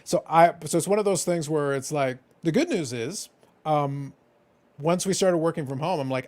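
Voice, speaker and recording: A man's voice: on the high side, moderate pace, a little mellow. A man hosting a casual livestream chat, joking and self-deprecating with playful asides. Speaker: host.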